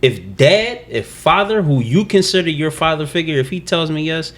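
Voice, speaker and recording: A man's voice: on the high side, animated, normal speed. A man co-hosting a casual podcast chat, mostly reacting with short asides and pointed questions. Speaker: podcast co-host.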